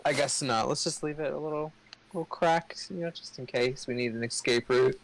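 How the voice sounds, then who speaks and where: A man's voice: mid-range voice, fairly quick, gravelly, poor audio. Man, player, dry hesitant musing, casual. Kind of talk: casual game banter.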